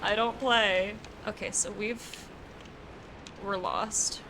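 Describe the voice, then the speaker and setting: There's vocal fry in this young woman's mid-range voice as she chats slowly and fairly evenly with her viewers while gaming. An American streamer with an East Coast accent, she laughs often and swears casually, with background noise audible.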